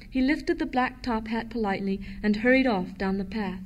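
Expressive woman narrating a storybook. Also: on the high side, normal speed. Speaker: audiobook narrator.

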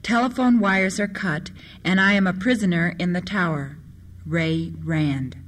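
A woman narrating a storybook in a steady, measured reading. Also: on the low side.

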